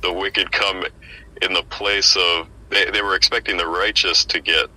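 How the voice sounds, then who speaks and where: A man's voice: low-pitched, little pitch movement, moderate pace, bright, forceful tone, poor audio. A man who preaches on the street, talking in a casual Bible discussion, thinking aloud and hesitating as he searches for words.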